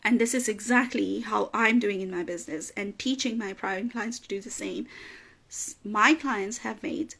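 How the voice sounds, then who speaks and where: A woman's voice: mid-range voice, moderate pace, creaky, fairly bright tone, slightly rough. A woman business coach giving an emphatic motivational talk, repeating phrases for emphasis and getting emotional at times. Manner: gets emotional, laughs through tears.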